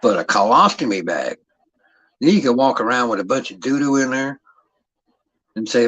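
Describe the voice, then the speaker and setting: A man's voice: mid-range voice, sing-song, moderate pace, pauses often, a bit bright, rough recording. A man hosting a livestream, telling stories to his chat in a profane, rambling, streetwise way. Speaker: livestream host. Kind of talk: casual livestream storytelling.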